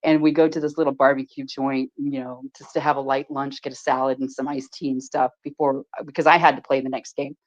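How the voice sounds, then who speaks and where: Animated swearing woman storyteller, lo-fi sound. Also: rumbling low, fairly quick, hardly any pauses. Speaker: live stream host. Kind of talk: casual storytelling chat. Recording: dull lo-fi stream audio.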